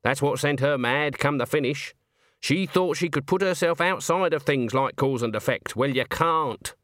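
A man's voice: fairly high pitch, moderate pace, a bit bright, no echo, natural voice. A man voicing a stern, haughty old woman witch who speaks in a curt, clipped, disdainful way. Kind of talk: audiobook character voice.

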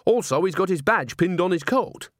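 Man doing a gossipy old witch woman, high voice, bustling, sly, chatty. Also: lively intonation, normal speed, no room sound, clean studio sound.

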